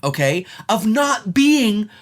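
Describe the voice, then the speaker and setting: A man talks straight to camera in a heated opinion rant, his pitch leaping up and dropping low. He swears freely and slips into the voices of the people he quotes. His delivery is emphatic and restless, pushing each point hard. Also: big pitch swings, slow. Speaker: film commentator.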